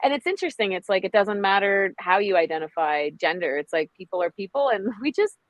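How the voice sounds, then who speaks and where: A woman's voice: mid-range voice, animated, quick pace, dry recording. A woman singer chatting openly as an interview guest, full of "like" and "you know". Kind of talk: casual interview chat.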